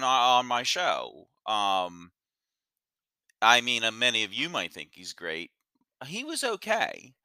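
Rambling self-deprecating podcast host, bright voice. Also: male voice, mid-range voice, smooth, no room sound. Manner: rambling, self-deprecating, stumbles over words. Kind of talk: casual solo podcast monologue.

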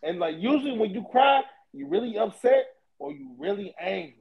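A man's voice: high-pitched, sing-song, a little fast, gravelly, muffled recording, a crowd in the background. A man co-hosting a podcast, rambling through profane stories in casual chat. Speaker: podcast co-host.

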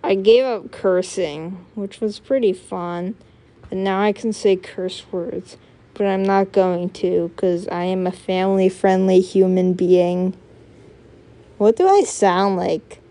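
Woman rambling on her vlog, slow and unhurried, lots of likes and restarts, mid pitch. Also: fairly even intonation, dark tone. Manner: rambling, many filler words and restarts. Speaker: channel host. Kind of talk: casual rambling monologue.

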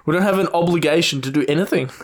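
A man's voice: a little high, racing. A man with an Australian accent co-hosting a podcast, blunt and swearing constantly in mock outrage. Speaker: podcast co-host. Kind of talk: casual podcast banter.

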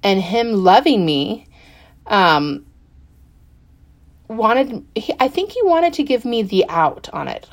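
A middle-aged woman telling a personal story in a chatty, animated way, full of fillers and acted-out quotes. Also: a little high, takes it slowly, long pauses. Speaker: podcast guest.

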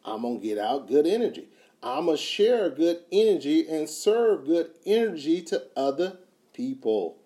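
A man's voice: on the high side, very animated, moderate pace. Emphatic motivational speaker, man. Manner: emphatic, repeats key phrases, swings from quiet to loud. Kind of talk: motivational talk.

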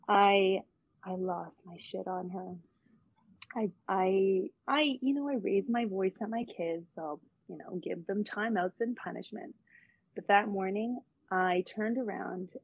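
A woman in her thirties tells a personal story on a video call in a candid, casual way, with fillers and the odd swear word. Her voice comes through dull, lo-fi call audio and sounds dry and close, with no room echo. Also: mid-range voice. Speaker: child protection worker.

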